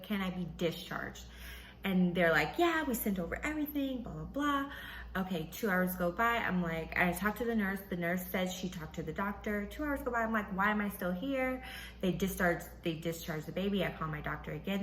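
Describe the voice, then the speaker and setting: A woman hosting a podcast, casually telling a personal story and acting out what others said in a higher voice. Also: echoey room, rough recording. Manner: animated, acts out quotes in a high voice, laughs often. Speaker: podcast host.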